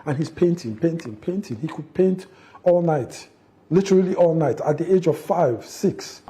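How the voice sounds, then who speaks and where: A middle-aged man, telling a family story in an interview, animated and acting out the quotes, with frequent restarts. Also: fairly high pitch, normal speed. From Nigeria. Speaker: interview guest, father.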